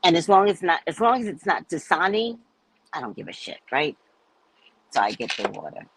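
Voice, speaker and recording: A woman hosting a casual storytelling talk, animated and profane, acting out the people she describes. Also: sits low, normal speed, husky, dry recording. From United States. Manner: animated, profane, acts out the people in her stories. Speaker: host.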